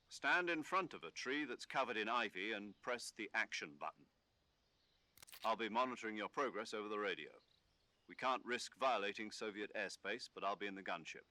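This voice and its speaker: An actor playing a commanding older British military officer who briefs his operative over the radio in a video game, in a crisp, instructive manner. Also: on the low side, pushed and bright. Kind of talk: video game cutscene dialogue.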